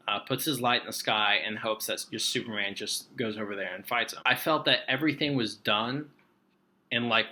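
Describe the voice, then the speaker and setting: A man giving a casual, rambling film review, often getting excited. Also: fairly low pitch. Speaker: movie reviewer.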